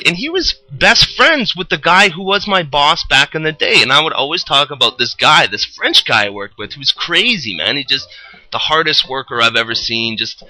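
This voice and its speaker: A man's voice: mid-range voice, low-quality recording. A young man telling a rambling, profane story about his job as a roofer, in casual chat. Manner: rambling, profane, animated retelling.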